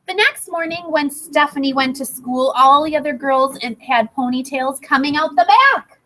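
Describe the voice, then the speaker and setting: A woman teacher reading a picture book aloud to first graders in a classroom, animated and coaxing the children to join in. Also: high voice, moderate pace, hardly any pauses, poor audio. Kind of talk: read-aloud storytime.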